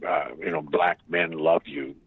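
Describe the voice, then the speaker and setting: A man calling in as a guest on a talk show, speaking haltingly with many repeated starts and fillers. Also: extremely low pitch, little pitch movement. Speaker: phone-in guest. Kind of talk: casual talk-show chat. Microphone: phone call. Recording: narrow phone line, dry and muffled.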